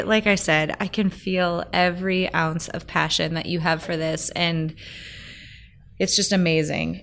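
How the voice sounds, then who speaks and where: A woman's voice: fairly low pitch, a bit bright. A woman hosting a podcast interview, gushing and enthusiastic toward her guest. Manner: gushing, enthusiastic, says oh my gosh. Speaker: podcast host.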